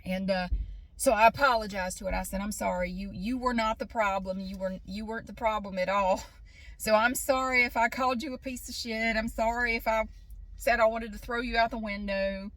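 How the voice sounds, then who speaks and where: A middle-aged woman rambles through a casual vlog, talking to the camera as if to a friend. Her voice sits a little high and she breaks into laughs often. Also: fairly even intonation, fairly quick, fairly bright tone, dry recording. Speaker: vlogger.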